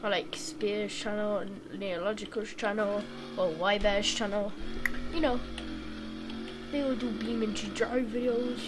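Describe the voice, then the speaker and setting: A woman's voice: mid-range voice, steady tone, a little slow, over music. A young woman giving casual, rambling commentary while playing a driving game, humming little tunes between remarks. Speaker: gaming video creator. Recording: clear game engine noise behind.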